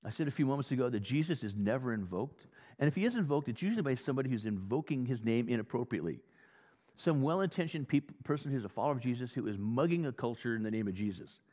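A male pastor preaching a sermon in a conversational, animated teaching style with frequent restarts. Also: medium pitch, fast. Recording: long hall reverb.

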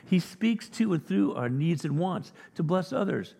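A male pastor delivers a sermon in an earnest, conversational way, lifting into emphatic peaks. His voice is gravelly and a little husky. The sound rings with the long reverb of a large church hall. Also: high-pitched, lively intonation, unhurried, dark tone. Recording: reverberant hall, audio recording.

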